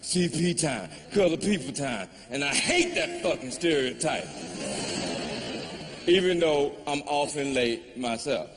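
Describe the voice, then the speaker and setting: A man doing stand-up comedy, telling a story in a wry, drawling way with pauses. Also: a little high, expressive, heavy background noise. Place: live comedy venue, large hall. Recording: live hall reverb, faint ambience.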